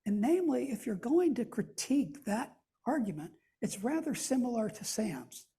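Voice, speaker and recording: A guest lecturer at a church speaks in a very husky, breathy voice that is mellow and dark in tone, yet extremely high in pitch and very animated. He is thoughtful, pausing and restarting phrases as he works through an idea.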